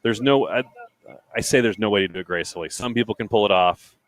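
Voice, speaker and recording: Emphatic male race commentator, low voice. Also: fast, no room sound. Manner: emphatic, repetitive, chatty. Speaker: race commentator and podcast host.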